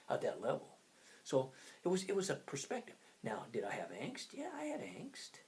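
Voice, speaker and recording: A man in his sixties from Southern California gives a casual motivational talk as a speaker and coach. He rambles off on tangents and swings between loud bursts and hushed asides. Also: fairly high pitch, wildly swooping pitch, normal speed, creaky, a little hiss or hum. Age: 60s.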